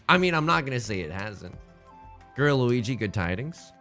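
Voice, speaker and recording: A man streaming casually, telling jokes and stories in an animated, self-mocking way. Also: mid-range voice, moderate pace, faint music behind.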